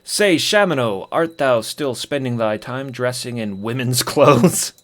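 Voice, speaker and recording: A man doing a cocky old-timey swordsman, talks all formal with thee and thou, pitched in the middle. he's a bragging game trainer who never drops the fancy speech. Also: a little slow, fairly bright tone, natural voice. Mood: teasing. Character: proud boastful male sword trainer.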